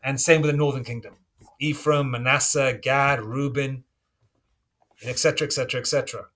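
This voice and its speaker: A man preaching and reading scripture aloud, constantly checking in with his listeners and stressing points with sudden loud bursts. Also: medium pitch, fairly even intonation, brisk. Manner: checks in with listeners constantly, asking "okay?" and "all right?". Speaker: religious teacher.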